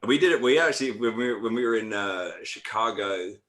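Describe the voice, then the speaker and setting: Low, bright-toned man teasing as a guest. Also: animated, fairly quick, poor audio. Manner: teasing, brash banter. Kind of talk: casual chat.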